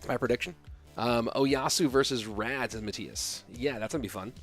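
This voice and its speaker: A sleepy man in his thirties calls an esports match and chats with his stream viewers, sounding worn out from an early start. His voice sits at an ordinary middle pitch, with faint music playing behind him. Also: moderate pace. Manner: tired, chatty, reads chat aloud. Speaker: esports caster. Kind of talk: casual live-stream commentary.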